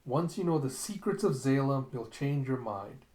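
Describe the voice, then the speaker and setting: A man's voice: medium pitch, expressive, moderate pace, warm tone, reverberant, close to an everyday voice. A man voicing an eccentric male mad scientist who talks in a smug, cheerfully menacing way.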